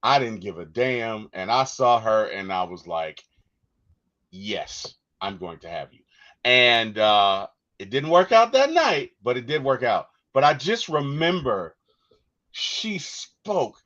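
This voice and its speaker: A man co-hosting a casual movie discussion, telling stories with animated energy and acting out quotes. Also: medium pitch, slow pace, muffled recording. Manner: animated storyteller, acts out quotes. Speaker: podcast co-host.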